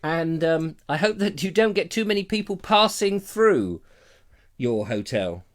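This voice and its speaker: A man's voice: fairly high pitch, lively intonation, unhurried. A man from England hosting a live stream, chatting in a jokey, rambling, theatrical way on a lapel mic. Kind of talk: casual live chat.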